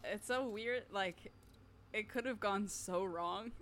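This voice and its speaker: A woman's voice: mid-range voice, takes it slowly, fairly bright tone. Wry woman chatting, faint background noise. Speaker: podcast co-host. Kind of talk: casual chat.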